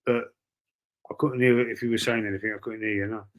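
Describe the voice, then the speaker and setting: A man's voice: on the low side, fairly even intonation, quick pace. A man with a Cockney accent hosting a live football watch-along, chatting casually with viewers in a rambling, matey way, repeating himself and reading out comments. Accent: London Cockney. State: breathy asthma-wheezy at times. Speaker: livestream host.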